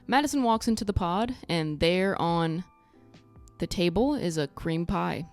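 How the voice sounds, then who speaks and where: Recapping a show, this female vlogger speaks in a low, darkish voice with lively intonation and big swings in pitch, going a little slowly. Her manner is sarcastic and blunt with offhand cursing, and soft music plays underneath.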